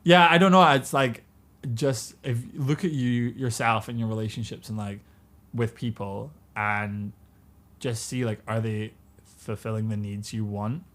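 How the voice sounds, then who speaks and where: A man's voice: fairly low pitch, fairly even intonation, measured pace, a bit bright. A British man in his twenties chatting candidly as a podcast guest, laughing often and full of fillers. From Britain. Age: 20s. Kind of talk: casual chat.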